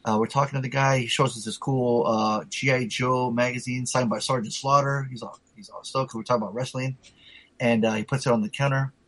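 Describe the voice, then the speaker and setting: A man's voice: medium pitch, fairly even intonation, fairly quick, fairly bright tone, dry recording, low-quality recording. A man telling a rambling, profanity-laced story in casual chat, full of fillers.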